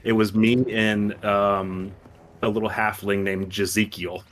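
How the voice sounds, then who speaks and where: A young man with a lowish voice tells stories in a loose, rambling way. He laughs often and swears freely as a stream co-host. A little faint hiss sits under the recording. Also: level tone, measured pace. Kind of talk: casual chat.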